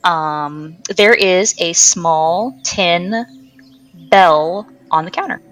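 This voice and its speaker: Woman, game master, narrating a tabletop game, casual, chatty, halting restarts. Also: lowish voice, fairly bright tone. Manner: chatty, many ums and restarts.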